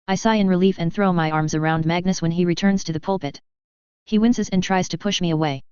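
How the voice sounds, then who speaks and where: A woman with a low, very clean voice reads a fantasy story in first person. Her delivery is even and measured. The recording is dry and a little dull. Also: smooth, dry recording. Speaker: audiobook narrator. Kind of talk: scripted first-person narration. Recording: slightly dull, dry audio.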